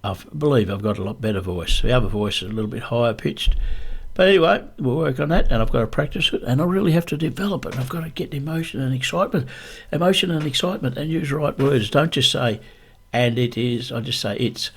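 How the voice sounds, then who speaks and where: A man with a gravelly, husky voice talks low and deep right up close to the microphone. He practices a voiceover monologue, coaching himself deliberately and repeating his points. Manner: deliberate, repetitive self-coaching. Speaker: YouTube creator.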